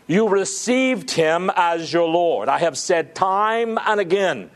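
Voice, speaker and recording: A man's voice: sits high, expressive, slow. A male pastor preaching a sermon, earnest and stretching key words for emphasis.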